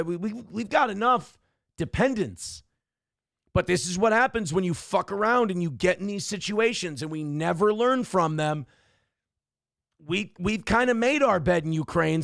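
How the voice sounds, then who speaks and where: A man's voice: sits high, expressive, normal speed, gravelly, a bit bright, no echo, studio quality. A man hosting a morning show, giving blunt, profane and sarcastic commentary on the news.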